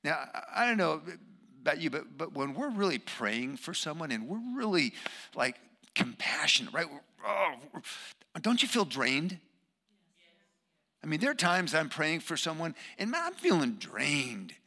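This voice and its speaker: Emphatic preacher man, lively delivery. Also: a little high, normal speed. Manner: emphatic, swings from loud bursts to hushed asides. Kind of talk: sermon.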